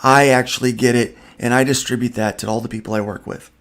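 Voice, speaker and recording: A man with a gravelly, mid-pitched voice hosts a casual podcast. He jokes easily and keeps affirming the others with a laid-back air. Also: steady tone, quick pace, a crowd in the background. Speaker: podcast host. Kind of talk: casual chat. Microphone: remote call with an unstable internet connection.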